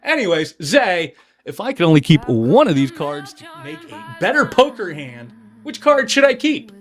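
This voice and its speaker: In a sing-song voice on the high side, a man delivers relaxed selling patter at a moderate pace during a livestream sale. He's a seller and breaker who chats with his audience and does card tricks along the way.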